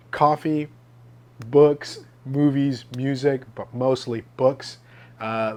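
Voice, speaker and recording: Chatty man talking books. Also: medium pitch. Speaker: book vlogger. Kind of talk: casual book review.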